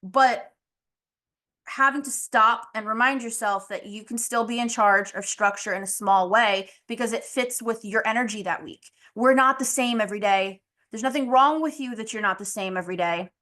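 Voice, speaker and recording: A woman's voice: on the high side, moderate pace, sharp tone. A woman hosting a casual motivational podcast, talking candidly with lots of "like" and "you know" and the odd swear, her voice a little strained as she loses it. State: losing her voice, clearing throat. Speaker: podcast host.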